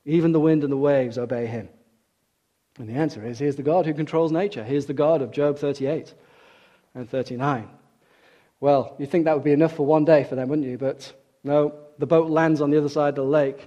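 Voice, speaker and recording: A man preaching a sermon, retelling stories with dramatic shifts between loud outbursts and hushed lines. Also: fairly high pitch. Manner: dramatic storytelling, acting out quoted voices.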